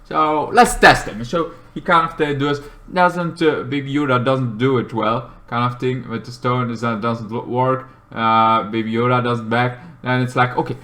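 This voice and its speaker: A man casually recapping a TV episode in a rambling way, full of fillers, breaking into loud, high-pitched acted-out lines. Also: fairly even intonation, moderate pace, few pauses. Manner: rambling, filler-heavy retelling, bursts into loud high-pitched character voices. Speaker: TV show reviewer.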